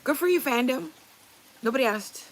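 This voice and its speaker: With a high-pitched, expressive voice at normal speed, this livestream host chats with her viewers. She's a middle-aged woman from Canada, blunt, quick to curse, and laughs a lot.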